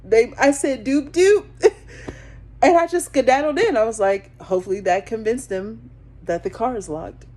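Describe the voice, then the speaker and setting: A woman hosting her own show, telling a story in a casual way, lively, with sudden high bursts when she acts out her panic and hushed asides. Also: moderate pace. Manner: animated, jumps into high excited voices when acting out her panic. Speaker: podcast host.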